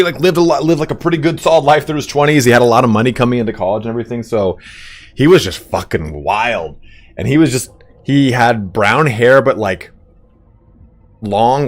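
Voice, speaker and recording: A man in his thirties chatting casually while streaming a game, rambling and laughing often, swearing offhandedly. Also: on the low side. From California. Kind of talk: casual chat while gaming.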